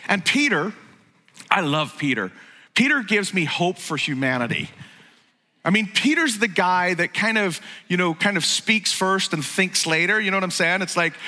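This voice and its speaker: A man preaching a sermon in an animated, conversational way, acting out the lines he quotes. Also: high-pitched, brisk, long reverb tail. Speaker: pastor.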